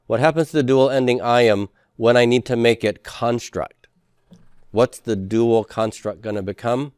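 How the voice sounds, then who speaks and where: A man's voice: medium pitch, fairly even intonation, unhurried, a little mellow, smooth, dry recording, studio quality. A man teaching a class in a lecture style, explaining step by step and often checking with the students. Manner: explanatory, asks checking questions, frequent fillers.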